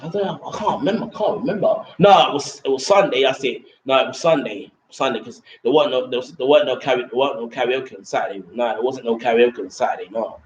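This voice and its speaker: A young man talks in a loose, rambling way and keeps circling back and restarting his sentences. His voice sits at an ordinary middle pitch. The sound is dull and lo-fi, with a roomy echo and faint noise behind him. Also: fast, hardly any pauses. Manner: repetitive, restarts sentences often, casual swearing. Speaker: vlogger reviewing a trip. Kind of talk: rambling casual monologue.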